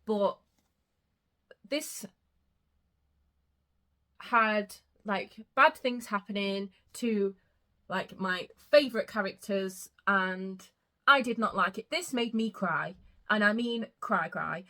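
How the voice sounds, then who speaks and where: Girl rambling about her books, bright voice, super passionate, swears a lot. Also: mid-range voice, takes it slowly, pauses often. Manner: gushing, emotional, swears freely. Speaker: book vlogger. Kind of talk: casual chat.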